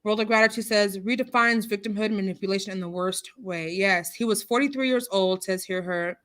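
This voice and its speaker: Brisk and fairly bright, this mid-range female voice belongs to a livestream host reading viewer comments aloud in casual live chat. She reacts to them in an outspoken, indignant way, picked up by a computer mic on a streaming call.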